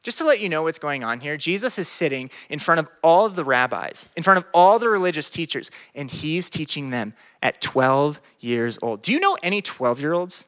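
A man preaching a sermon as pastor, animated, joking and conversational. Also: on the high side, moderate pace, hardly any pauses. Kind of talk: sermon to a youth group.

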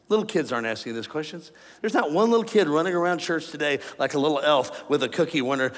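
A man preaching a sermon to a congregation, animated and joking with the crowd. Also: sits high, fast talker. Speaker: pastor. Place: large church auditorium. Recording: long hall reverb, faint ambience.

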